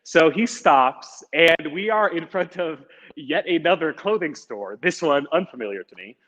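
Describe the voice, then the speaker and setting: A young man telling a comic personal story on stage, casual and animated with lots of fillers. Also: fairly high pitch, a little slow. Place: event space, streamed online. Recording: echoey, slightly muffled hall sound.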